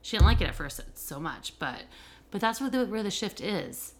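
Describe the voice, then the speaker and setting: Candid, animated middle-aged woman podcaster. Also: medium pitch, normal speed. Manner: candid, animated storytelling with frequent fillers. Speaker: podcast host and educator working with children and families. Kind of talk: casual podcast monologue.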